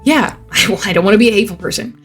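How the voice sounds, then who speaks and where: A woman's voice: medium pitch, very fast, a bit bright, soft background music. Earnest young woman vlogging casually. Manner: earnest, frequent "like" fillers, laughs easily. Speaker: vlogger answering viewer questions. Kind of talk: casual reflective monologue.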